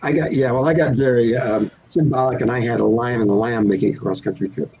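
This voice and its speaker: Older guy author in an interview, kinda husky, playful about word sounds. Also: mid-range voice, fairly even intonation, fast talker, warm tone, lo-fi sound. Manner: thoughtful, playful with word sounds, explains by examples. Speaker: children's author, guest. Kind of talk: relaxed interview answers.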